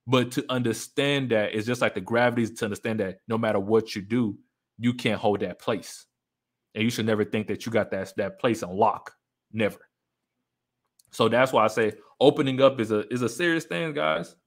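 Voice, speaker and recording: A man's voice: on the low side, normal speed. A man speaking candidly to his listeners about a painful breakup, emphatic and repeating his key points. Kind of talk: personal storytelling to an audience.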